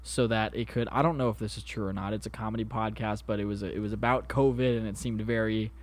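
A man co-hosts a casual comedy podcast from his home apartment, speaking into a podcast microphone. His voice is on the low side with fairly even intonation and a fast pace as he rambles through jokey stories, cursing casually.

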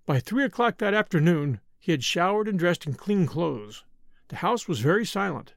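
A man reads a story aloud with dramatic expression. His voice sits fairly high with a gravelly texture, and the sound is dry and close. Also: sing-song, normal speed, no room sound. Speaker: narrator. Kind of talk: audiobook narration.

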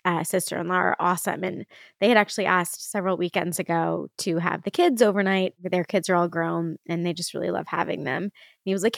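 A woman's voice: lowish voice, steady tone, fairly quick, creaky, dry recording. Woman in her thirties, solo podcast host, emotional and rambling, casual swearing, dry close sound. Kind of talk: candid solo podcast talk.

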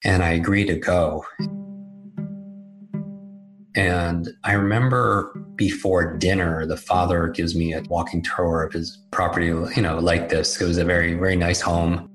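A man's voice: low voice, little pitch movement, moderate pace, hardly any pauses, fairly bright tone, faint music behind, rough recording. A man telling a personal story in a candid, self-deprecating, conversational way. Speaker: speaker telling his life story. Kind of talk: storytelling talk.

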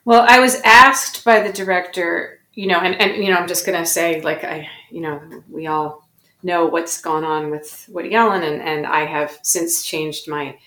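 A woman's voice: fairly low pitch, steady tone, normal speed, pushed and bright, roomy sound. A woman being interviewed as a guest actor, telling stories in a reflective, self-correcting way. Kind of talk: interview conversation.

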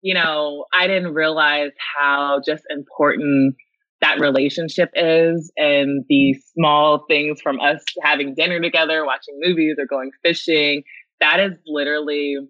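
A woman's voice: low voice, a little slow, no room sound, highs cut off. A woman in her thirties, a podcast guest and consultant, answering interview questions earnestly and with emotion. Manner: earnest, animated, tearful at times. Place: home.

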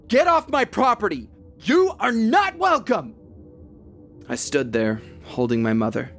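A young man narrating a first-person horror story in a steady, tense telling. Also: on the low side, gravelly. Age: young adult.

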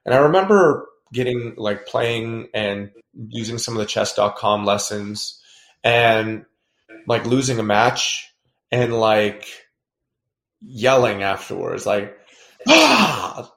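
A man, a baseball player guest, telling animated, self-deprecating stories in a casual interview. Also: on the low side, slow pace. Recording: echoey room.

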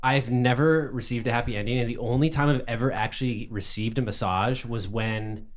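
A man's voice: medium pitch, fairly even intonation, fairly quick. Self-mocking male podcast producer. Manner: joking, self-mocking banter. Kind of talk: casual chat.

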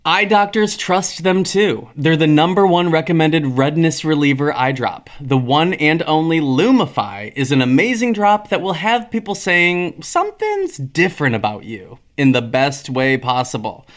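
A man hosting a podcast with casual gossip chat and ad reads, talking in an animated, giggly, theatrical way. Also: on the high side, normal speed, few pauses. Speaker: podcast host.

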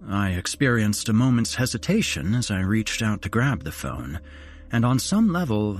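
A man hosting a horror podcast, narrating a first-person ghost story in a measured, dramatic way. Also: low-pitched, a little hiss or hum.

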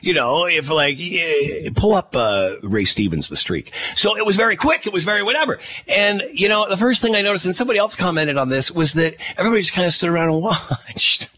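Animated rambling male radio host. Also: high-pitched, fairly quick, few pauses, no echo. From Canada. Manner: rambling, chuckling, mock quotes. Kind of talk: casual on-air chat.

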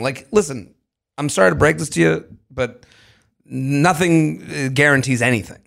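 A man's voice: fairly high pitch, moderate pace, vocal fry, a bit bright. A man co-hosting a dating advice podcast, giving opinions in a rambling, joking way. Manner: rambling, restarts, joking asides, laughs easily. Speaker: podcast co-host. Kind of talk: casual chat.

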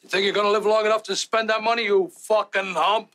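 Sneering crime-film thug, high voice, fast aggressive delivery. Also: male voice, fairly even intonation, bright, forceful tone, a little hiss or hum. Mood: threatening. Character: sneering male hoodlum threatening a rival.

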